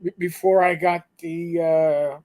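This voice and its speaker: Co-hosting a live show, a middle-aged man with a high voice rambles in a casual, chatty, friendly way. He stammers and restarts sentences, speaking slowly in a level, darkish tone.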